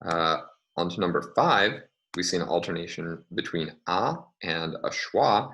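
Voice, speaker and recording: Deep-voiced man lecturing with lively pitch. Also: measured pace, rough recording. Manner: thinks aloud with frequent uh and um. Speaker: linguistics lecturer. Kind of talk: recorded lecture.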